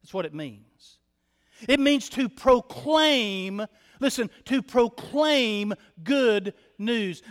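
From the pulpit of a church sanctuary, a male pastor preaches emphatically in a very high-pitched, fairly bright voice. He repeats key phrases and addresses the congregation directly, with long church reverb on the recording.

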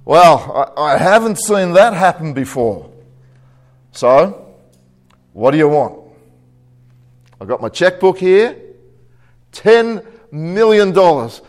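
A man's voice: fairly high pitch, very animated, takes it slowly, long pauses. A man playing a boastful, rich male Texan rancher in a joke within his sermon, in a showy, bargaining manner.

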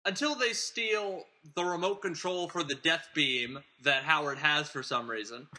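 A man sits in as podcast host, chatting casually through a film recap. His voice is very bright and sits a little high. He wanders off on digressions, restarts his sentences and keeps chuckling through them. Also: measured pace. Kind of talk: casual chat.

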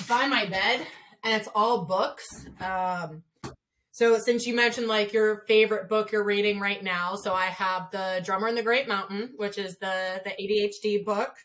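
A woman's voice: mid-range voice, measured pace. A woman who coaches swimming and diving, talking casually in an interview and telling stories in a chatty way with many filler words. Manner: chatty, frequent "like" fillers, lively retelling.

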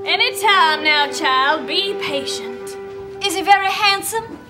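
A drawling young Southern belle. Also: female voice, very high-pitched, animated, slow, exaggerated voice. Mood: eager. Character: young Southern belle daughter, eager and innocent. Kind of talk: sketch comedy acting. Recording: played clip with music and studio audience.

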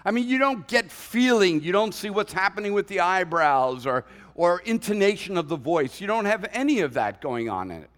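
High-pitched guy preaching, chatty and jokey, lots of echo from a big church hall. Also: expressive, normal speed, few pauses, a bit bright. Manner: conversational preaching with humorous asides and acted quotes. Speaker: pastor. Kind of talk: sermon. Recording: long hall reverb.

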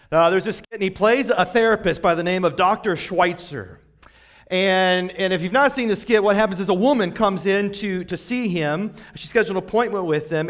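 A male pastor in his forties preaches in a relaxed, conversational tone, with a voice that sits somewhat high for a man. He keeps drawing the congregation in with rhetorical questions, and his pace and volume ease up and down as he builds his points. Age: 40s. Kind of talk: sermon.

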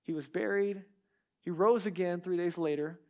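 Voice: mid-range voice, moderate pace, mellow. A pastor preaching a sermon in a conversational way, with restarts and asides, who repeats key words for emphasis.

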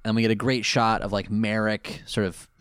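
A male podcast co-host casually recapping an episode, jokey and animated, with quick asides. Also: on the low side, smooth, dry recording, studio quality.

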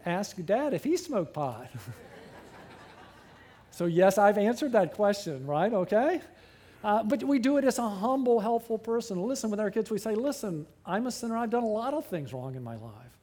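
High-voiced, animated male preacher. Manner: animated preaching with big pitch swings and drops. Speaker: pastor. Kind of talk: sermon.

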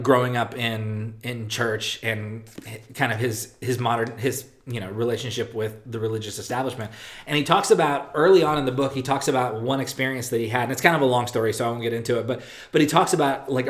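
A man giving a sermon at a middling pitch. He hesitates often and circles back over his words, then lets each phrase sink low and quiet at its end. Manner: halting, many fillers and restarts, soft drop at phrase ends. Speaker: pastor. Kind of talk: sermon with a read passage.

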